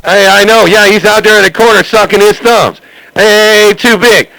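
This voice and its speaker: A man's voice: high voice, steady tone, moderate pace, creaky, bright, forceful tone, no room sound. A man trash-talking over a CB radio, taunting and repeating himself, with a crackly radio sound. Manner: taunting, repetitive, laughing. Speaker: CB radio operator.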